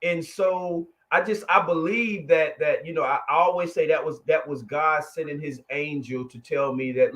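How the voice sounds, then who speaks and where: A man, a guest telling his testimony in an emotional, halting way with many restarts. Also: fairly high pitch, a bit bright. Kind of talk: conversational testimony.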